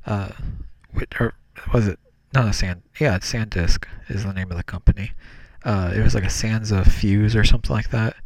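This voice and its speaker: A young man hosts a solo podcast from a small room, cupping the podcast mic in his hand as he talks into it. His fairly low, darkish voice is steady at a moderate pace with hardly any pauses, meandering with fillers and self-corrections on a dry recording.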